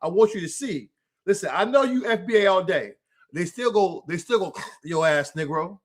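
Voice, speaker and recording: His voice sits high and expressive at a moderate pace as this American man hosts a political livestream. He's in the middle of a heated, profane rant, directly addressing an absent rival by name.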